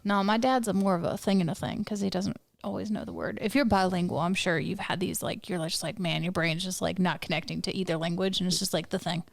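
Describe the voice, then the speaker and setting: A woman from the American South chats on a podcast, joking and playful. Her mid-pitched voice carries a gravelly fry, and the sound is dry and close. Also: fairly even intonation, dry recording. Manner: playful, quick to joke and laugh. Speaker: podcast co-host. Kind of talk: casual chat.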